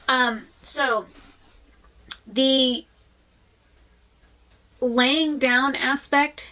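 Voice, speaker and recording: A woman's voice: a little high, steady tone, measured pace, long pauses, a bit bright, rough recording. A woman vlogging in a frank, chatty way, with fillers and restarts. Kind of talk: candid casual talk to camera.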